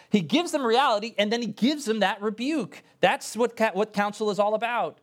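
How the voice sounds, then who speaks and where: A male pastor preaches at normal speed with hardly any pauses, earnest and emphatic. He speaks to his congregation directly and conversationally, and his pitch and pace jump suddenly when he raises his voice for emphasis.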